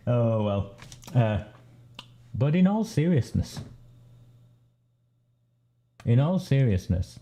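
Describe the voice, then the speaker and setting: Male streamer from northern England, slow and deliberate delivery, dark mellow tone. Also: fairly low pitch. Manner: slow, deliberate, with asides and laughter. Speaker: host. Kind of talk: live-stream political commentary.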